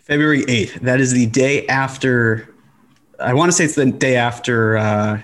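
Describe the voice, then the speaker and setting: A man's voice: medium pitch, normal speed, a bit bright. A man co-hosting a casual sports podcast, skeptical, asking his partner for numbers. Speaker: podcast co-host.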